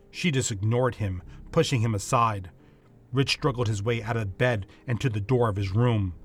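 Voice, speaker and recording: A man narrating a scripted story in an even, storytelling way. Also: mid-range voice, moderate pace, dry recording.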